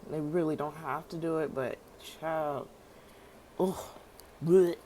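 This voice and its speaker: Chatty woman recapping a show, lowish voice. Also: slow pace, rough recording. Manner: animated, laughs often, slangy asides. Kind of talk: casual episode recap.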